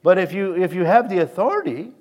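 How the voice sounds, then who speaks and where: A man's voice: high voice, big pitch swings, fast talker, a little mellow. Joking man preaching a sermon. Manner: joking and rambling, laughs often at his own stories. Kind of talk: conversational sermon. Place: church before a congregation.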